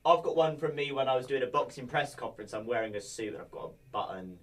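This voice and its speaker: Guesting on a podcast, this young Englishman keeps things casual and jokey. He's animated, pushing his energy high on purpose.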